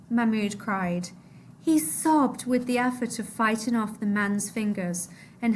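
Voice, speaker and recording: A woman reading a novel aloud to a class, expressive, her voice dropping low and soft at the sad moments. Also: unhurried, slight background noise.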